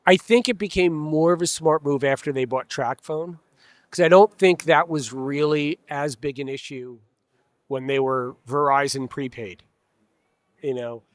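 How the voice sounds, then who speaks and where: A man's voice: fairly high pitch, a little slow, dry recording. A man in a casual interview, speaking as a trade association president, candid and wry, acting out customers and dealers in little quoted asides. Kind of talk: conversational interview. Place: expo hall.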